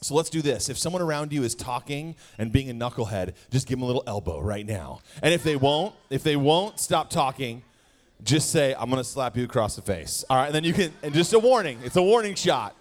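Joking, animated youth-service speaker. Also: male voice, medium pitch, brisk. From Wisconsin. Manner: jokey, animated, talks straight to the crowd. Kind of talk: playful youth sermon. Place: church hall.

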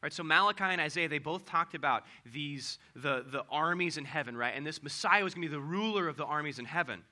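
A male youth pastor gives a casual sermon, chatting along with lots of fillers and tag questions. His voice is very bright and sharp and sits somewhat high. He keeps the talk loose and conversational. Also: fast talker.

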